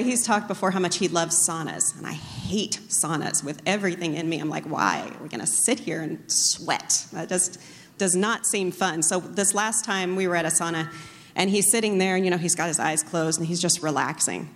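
A pastor's wife, co-speaking at a church, tells a personal story in a chatty, self-deprecating way during a casual sermon full of anecdotes. Her voice is lowish and brisk, and the large hall adds a long reverb.

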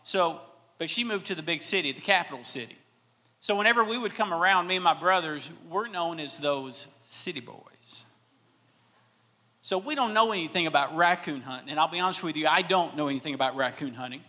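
Man, Southern accent, pastor, high voice, long reverb from a church hall. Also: brisk, bright, forceful tone. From Alabama. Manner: folksy, self-deprecating storytelling. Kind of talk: sermon.

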